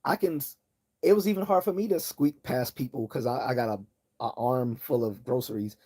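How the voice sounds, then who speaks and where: Calm, mellow-voiced man rambling on a livestream. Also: a little fast, slightly rough. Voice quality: calm, low-key voice. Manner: tangent-prone, many restarts and repeated words. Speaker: livestream host. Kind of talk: rambling casual monologue.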